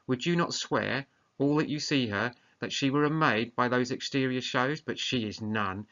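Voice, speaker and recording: A man's voice: mid-range voice, sharp tone, natural voice. A man reading the part of a young nobleman who bitterly shames his bride, read aloud from a play script. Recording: muffled lo-fi recording.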